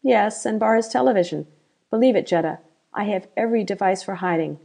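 A woman voicing a half-drunk male bandit chief who is boastful and crafty, talking loud and demanding. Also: medium pitch, fairly quick, vocal fry. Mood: jovial.

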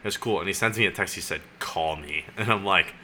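A young man telling a story in a casual podcast chat, acting out both sides of his phone calls in an animated way. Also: sits low, fairly quick, a little hiss or hum. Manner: animated, acts out phone calls in quoted voices. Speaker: podcast guest.

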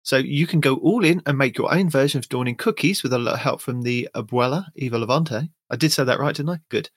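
A man's voice: mid-range voice, quick pace, husky, no echo, studio quality. A British man hosting a casual gaming podcast, reading out news with joking asides. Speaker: podcast host.

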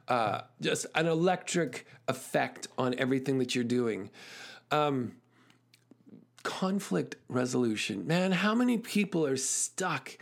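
A man giving a motivational talk who tells stories in quick, animated bursts with frequent fillers. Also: medium pitch. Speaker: speaker.

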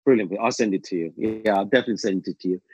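Racing along in a fairly low, slightly rough voice, a guest tells a long anecdote in casual conversation. He rambles, restarts often, says um a lot and throws in lively quoted asides. The recording is dry and low-quality.

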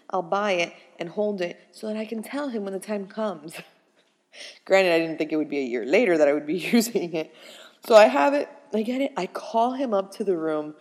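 A young woman vlogger chatting to her viewers, telling a personal story in a lively, rambling way, laughing often and saying "like" a lot. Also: medium pitch, long reverb tail.

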